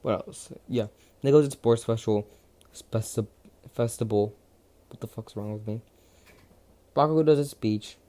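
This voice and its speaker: A man's voice: mid-range voice, moderate pace, pauses often, warm tone. A young man casually retelling a fan story, rambling, profane and cutting himself off. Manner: profane, rambling, self-interrupting.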